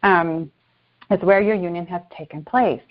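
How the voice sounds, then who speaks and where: A woman channeler giving spiritual guidance and pausing to search for words. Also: fairly low pitch, muffled recording. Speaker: channeler, guest.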